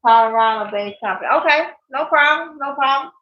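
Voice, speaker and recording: A woman's voice: high-pitched, lively intonation, brisk. A woman chatting casually on a live stream as a channel host. She laughs often and reads out viewer comments. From Mississippi. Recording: echoey, dull lo-fi sound.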